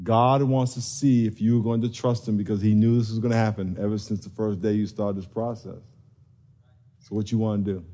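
A man preaching a sermon, telling stories with animated energy and acting out the quoted voices. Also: lowish voice, brisk. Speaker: pastor.

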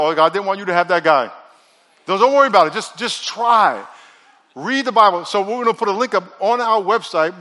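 Brief: middle-aged male pastor with a high voice, upbeat and jokey sermon delivery, call-and-response with the room. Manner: energetic, joking, leads call-and-response. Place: large church auditorium. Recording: long reverb of a large church hall.

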